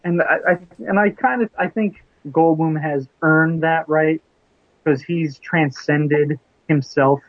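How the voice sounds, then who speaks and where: A man co-hosting a casual movie podcast, talking in halting bursts with frequent restarts. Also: a little high, fairly even intonation, dry recording. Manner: halting, restarts often, laughs along. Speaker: podcast co-host. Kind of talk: casual chat. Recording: dry, dull lo-fi sound.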